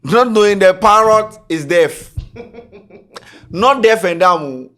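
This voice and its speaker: A Ghanaian man hosting a podcast, telling a comic story in Ghanaian English with pidgin, animated and laughing, repeating words for effect. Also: high-pitched, takes it slowly, slight background noise. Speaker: podcast host.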